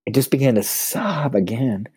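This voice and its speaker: A man, a pastor, telling personal stories in a relaxed conversation. He restarts his phrases often. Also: moderate pace, slightly rough, dry recording. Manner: lively storyteller who restarts his phrases; self-described high extrovert. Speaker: pastor and podcast guest. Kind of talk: personal storytelling in casual conversation.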